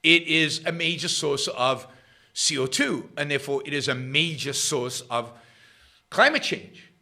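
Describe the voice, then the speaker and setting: A middle-aged man hosting a political talk livestream, sarcastic and rambling, jumping between loud emphasis and quiet muttered asides. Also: a little high, unhurried. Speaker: host of a political talk show. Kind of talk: livestream commentary.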